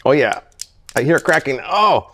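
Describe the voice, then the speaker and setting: A man hosting a casual gadget-review vlog, his speaking voice at a middle pitch but swinging widely up and down. He comes across as animated, often exasperated, and chuckles when things fail. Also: fairly quick, slight background noise. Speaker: product reviewer, channel host. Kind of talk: casual product-testing vlog.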